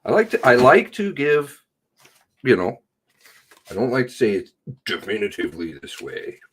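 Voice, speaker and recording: A man's voice: medium pitch, wildly swooping pitch, moderate pace, husky. A man reading news reports aloud and breaking in with sarcastic comments. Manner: sarcastic asides.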